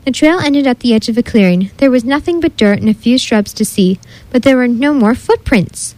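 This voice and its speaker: A woman reads a children's story aloud in a steady, expressive way. Her voice sits a little on the high side. The sound is dry and close to the mic. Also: moderate pace, no echo, rough recording.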